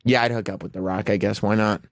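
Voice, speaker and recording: A man's voice: lowish voice, steady tone, fast, dry recording, studio quality. Giggly man bantering on radio. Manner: giggly, playful, often laughing. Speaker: radio show regular.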